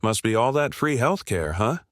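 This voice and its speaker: A man's voice: medium pitch, very animated, normal speed, no echo, studio quality, natural voice. A man doing a sneering sarcastic barista. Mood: mocking. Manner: sneering, taunting. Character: sarcastic mocking young barista.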